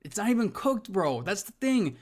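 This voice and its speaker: A young man from Minnesota ranting about basketball trades in a loose, profane, excitable way. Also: high voice, moderate pace. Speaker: sports commentator. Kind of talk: casual opinion rant.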